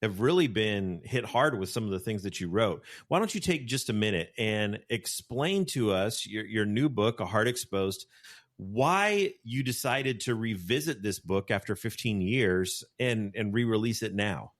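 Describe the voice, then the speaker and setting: A man with a somewhat low voice hosts a relaxed podcast chat. He teases his guest playfully between questions. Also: normal speed. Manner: playful, teasing banter. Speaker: podcast host. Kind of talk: casual interview hosting.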